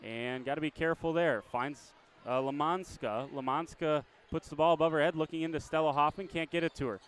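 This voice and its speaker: A man calling a high school basketball game play-by-play, chatty and quick to correct himself with a small laugh. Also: clean tone. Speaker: play-by-play announcer.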